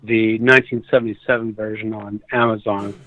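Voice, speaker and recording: A man's voice: lowish voice, flat delivery, fairly quick, pushed and bright. A man calling in to a podcast, rambling hesitantly with many fillers. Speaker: caller. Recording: dry phone line.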